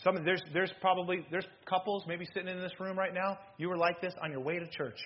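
A man, a pastor, preaching a sermon in a church, animated and swinging between loud bursts and hushed asides. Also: sits high, fairly quick, lo-fi sound. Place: church sanctuary.

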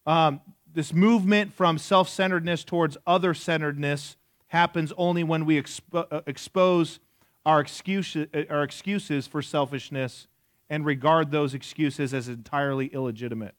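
A man's voice: a little high, fairly even intonation, moderate pace, dry recording, clean studio sound. A man in his forties preaching a sermon in a conversational way, asking the audience questions and joking. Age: 40s. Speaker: pastor.

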